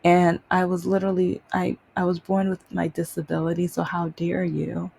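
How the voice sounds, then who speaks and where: Gravelly low-voiced woman vlogging, exasperated. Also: moderate pace, a little hiss or hum. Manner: animated, exasperated retelling with mocking quoted voices. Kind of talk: casual storytelling vlog.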